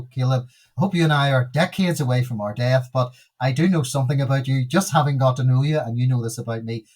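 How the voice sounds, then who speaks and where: A man's voice: medium pitch, darkish tone. A man in his sixties with a Northern Irish accent, a minister telling stories with emphatic, preacherly stress as a podcast guest. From Northern Ireland. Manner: emphatic, preacherly, repeats key words for stress. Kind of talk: storytelling in a podcast interview.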